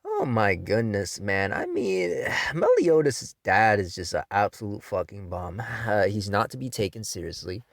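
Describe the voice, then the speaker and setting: Profane, lively male manga ranter. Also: lowish voice, a little slow, few pauses, no echo, studio quality. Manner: profane, exasperated, mocking. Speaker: manga reviewer, channel host. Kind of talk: opinionated rant review.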